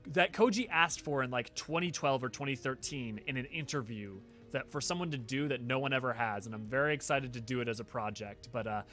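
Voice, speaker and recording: A man chats casually with his viewers while playing, enthusiastic and rambling, often restarting his sentences. His voice has a bright, forward tone at an average pitch. Faint game music runs behind him. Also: brisk, few pauses. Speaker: game streamer and lore creator. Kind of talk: casual gameplay chat with viewers.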